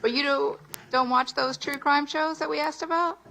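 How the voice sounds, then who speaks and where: A woman attorney in a courtroom, questioning a prospective juror in a polite, measured way. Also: high-pitched, steady tone, gravelly, pushed and bright, a little hiss or hum, poor audio. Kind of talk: jury selection questioning.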